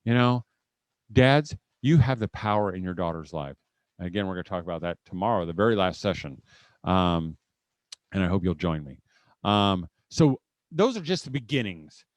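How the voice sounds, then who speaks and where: A middle-aged man speaking at a homeschool conference before a live audience. He tells stories with humor and quick asides, often restarting his sentences, and ends by leading a prayer. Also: low voice, animated, no echo. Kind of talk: live seminar talk with humor, closing in prayer.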